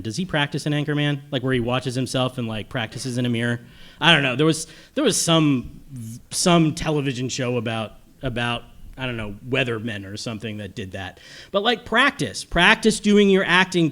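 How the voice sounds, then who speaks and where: A man's voice: a little high, fairly bright tone. A middle-aged man giving a casual panel lecture on audio to a room, rambling and often checking in with "okay?" and "right?". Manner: chatty and rambling, asks "okay?" and "right?" after points. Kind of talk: live panel lecture to an audience.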